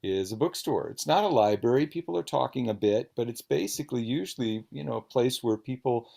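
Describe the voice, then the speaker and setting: A man's voice: mid-range voice, animated, fairly quick, vocal fry, warm tone. A man interviewing a fellow author at a book event, speaking in an earnest, emphatic, talkative way over a video call.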